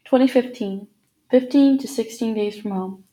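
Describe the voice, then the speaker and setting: A woman reading a novel aloud as narrator, in a steady storytelling manner. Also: on the high side, moderate pace, low-quality recording. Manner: steady storytelling with small slips.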